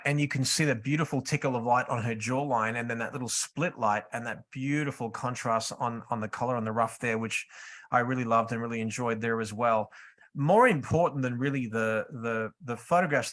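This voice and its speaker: A man's voice: medium pitch, a bit bright. A male photographer speaks in voice-over about his own portrait work. He talks earnestly and with enthusiasm, sometimes catching and restarting his sentences. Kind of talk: reflective voice-over commentary.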